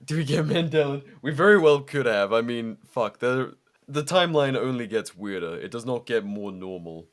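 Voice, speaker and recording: A man's voice: medium pitch, animated, normal speed. A young man co-hosting a podcast in casual chat, laid-back, swearing often, with lots of fillers and laughs. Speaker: podcast co-host.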